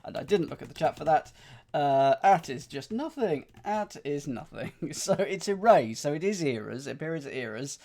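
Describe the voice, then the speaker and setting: A man streams himself solving a crossword and muses aloud as he goes. His pitch rises and falls in a lively way. He often stops to question or correct himself and turns to his chat for help. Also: normal speed. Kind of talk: thinking aloud while solving, chatting with live chat.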